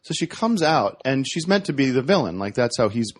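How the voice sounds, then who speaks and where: A man in casual podcast chat, retelling a story with many restarts and quick corrections. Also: medium pitch, big pitch swings, a little hiss or hum. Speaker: podcast guest.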